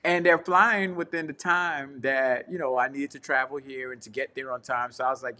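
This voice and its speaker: A man's voice: medium pitch, steady tone, moderate pace, bright, forceful tone. A man co-hosting a casual talk show from his couch, telling a travel story with slang and acting out the people in it. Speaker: podcast co-host and traveling preacher. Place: home couch.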